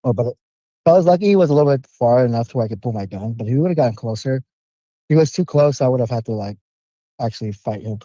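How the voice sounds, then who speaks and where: Dark-voiced caller telling a profane story. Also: male voice, mid-range voice, fast talker, no echo, low-quality recording. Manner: animated, profane, street slang. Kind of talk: casual storytelling on a call.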